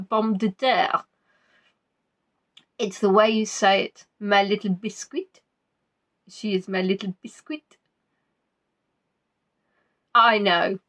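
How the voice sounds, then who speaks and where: A woman hosts a casual quiz stream, chatting playfully while reading out viewers' answers. Her voice is mid-range and a bit bright.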